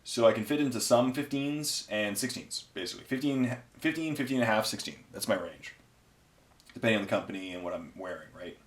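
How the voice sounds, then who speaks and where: A tired painting channel host chats casually at home near a garage while painting miniatures, his low voice a little fast. He rambles in an offhand, self-amused way, and the recording has a roomy echo.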